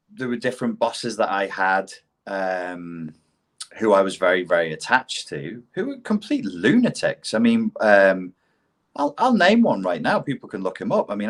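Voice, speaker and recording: A middle-aged man with a posh English accent, telling blunt, profane stories as a podcast guest. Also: fairly low pitch. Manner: blunt and profane, animated storytelling. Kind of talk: casual conversation.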